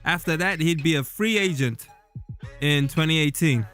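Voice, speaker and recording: Rambling man with a raised pitch. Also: normal speed, fairly bright tone, faint music behind. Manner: rambling, loose, with many fillers and restarts. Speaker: football vlogger. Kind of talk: casual solo commentary.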